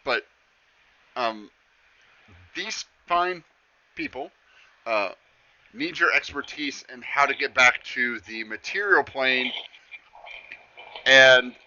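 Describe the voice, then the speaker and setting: A man voicing an eager, excitable male satyr who gushes and bargains. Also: mid-range voice, full character voice. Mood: pleading. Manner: gushing, pleading, quick to bargain. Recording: dull lo-fi stream audio.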